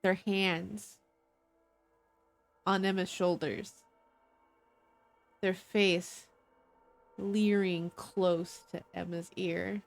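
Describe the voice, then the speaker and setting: A woman running a tabletop horror game, narrating scenes in an unhurried, descriptive way and calling for dice rolls. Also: fairly low pitch, level tone, vocal fry, faint music behind. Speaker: game master.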